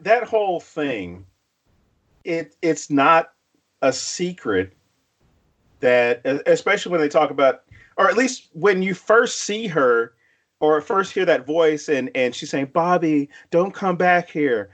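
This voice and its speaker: A man with a slightly raised pitch who rambles through a casual podcast chat about a horror film. He swears freely and acts out quoted lines as he goes. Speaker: podcast co-host.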